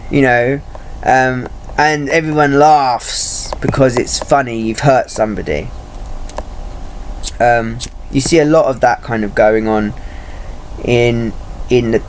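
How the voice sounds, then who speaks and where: A man talking in a personal vlog, halting and searching for words, restarting often and swearing freely. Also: mid-range voice, a little hiss or hum. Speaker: vlogger.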